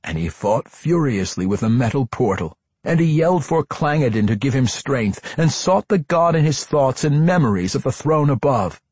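A man narrating a fantasy audiobook in an expressive, dramatic reading with character voices. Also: mid-range voice, normal speed, hardly any pauses, breathy edge, no echo.

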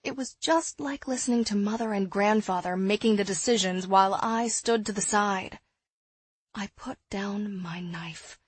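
A young woman reading a first-person audiobook in a soft, measured way on a close microphone. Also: medium pitch, breathy edge, no echo. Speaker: narrator. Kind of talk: audiobook narration.

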